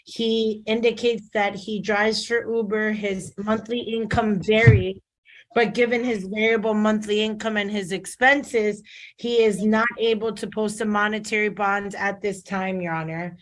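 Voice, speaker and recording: A woman's voice: medium pitch, steady tone, unhurried. A woman defense attorney arguing for her client over a video call, formal, with frequent "Your Honor" and fillers. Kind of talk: courtroom argument on video call.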